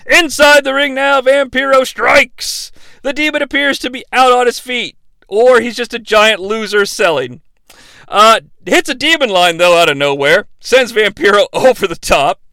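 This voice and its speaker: A man with a high, bright, smooth voice hosts a casual comedy recap. He is sarcastic and swears freely, tossing out jokey asides. The sound is dry and close. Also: normal speed, no echo. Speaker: podcast host recapping a wrestling show.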